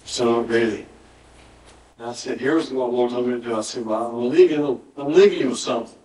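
A man preaching a sermon, voice sitting at an ordinary middle pitch. He tells his stories by acting out the dialogue and repeating words for emphasis. The sound is roomy and a little distant, picked up in a church sanctuary. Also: quick pace, a little mellow. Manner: storytelling, quoting dialogue with emphatic repetition. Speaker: pastor.

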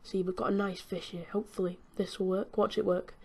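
A woman's voice: medium pitch, flat delivery, brisk, vocal fry, warm tone, husky. A British woman giving chatty, giggly commentary while playing a video game, talking to the game's characters as she goes. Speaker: gaming channel host. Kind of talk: casual gameplay commentary.

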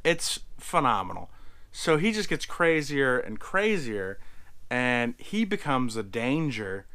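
A young man casually recapping a TV season, chatty and animated, acting out characters' lines. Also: medium pitch, takes it slowly, smooth. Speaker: video reviewer.

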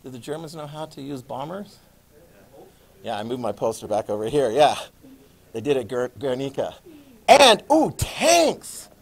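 A male history teacher lecturing a classroom in a playful, animated way, adding sound effects. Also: medium pitch, moderate pace, gravelly, long pauses.

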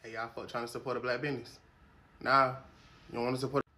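A man's voice: medium pitch, little pitch movement, fast talker, bright, forceful tone, voice pushed down, lightly acted. A man voicing a pushy young street hustler selling shoe cleaner to passersby. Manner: smooth-talking, pushy salesman.

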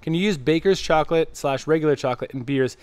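A man's voice: fairly high pitch, quick pace, darkish tone. A man co-hosting a casual brewing livestream, explaining things in an easygoing way. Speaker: brewer and show co-host.

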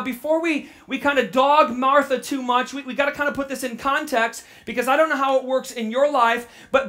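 Woman, pastor, sermon, high voice, bright tone, animated, repeats words. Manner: drops to a soft, low reflective tone.

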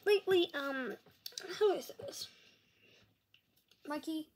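A woman talking casually to camera in a rambling, halting apology vlog. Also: high-pitched, lively intonation, darkish tone, a little hiss or hum. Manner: rambling, halting, with frequent restarts. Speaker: vlogger. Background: dog nearby.

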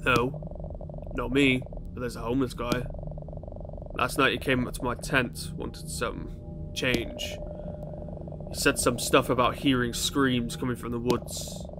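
A man's voice: mid-range voice, level tone, measured pace, noisy background, close to an everyday voice. A man reading out a wary camper behind a door. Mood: guarded. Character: wary camper talking through a closed door.

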